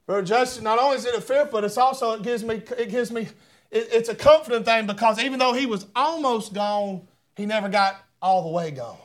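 A man preaching a fervent sermon in church, often repeating words in stammering bursts and building up to shouts. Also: very high-pitched, brisk. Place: church sanctuary.

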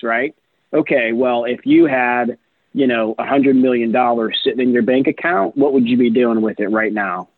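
A man's voice: mid-range voice, no echo. A man telling stories about his career in a casual interview, full of fillers and acted-out dialogue. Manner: chatty, animated, many fillers like "you know" and "right". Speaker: guest, real estate investor. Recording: tinny phone-like line, dry.

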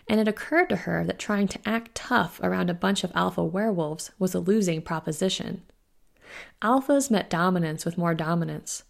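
A woman author reading her own novel aloud in a steady, measured audiobook narration. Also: on the low side, creaky.

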